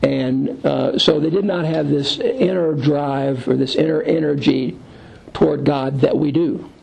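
A man teaching an unscripted Bible lesson, thinking aloud with frequent pauses and restarts, and reading scripture aloud. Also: on the high side, steady tone, gravelly, a little mellow, low-quality recording. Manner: halting, many fillers and restarts, thinking aloud.

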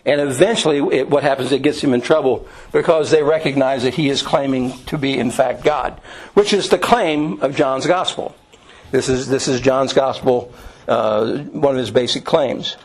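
A middle-aged man teaching an informal Bible class at a mid-range pitch. He talks conversationally, pausing on "um" and "uh" and restarting his sentences as he explains. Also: rough recording. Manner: conversational, with many fillers and restarts.

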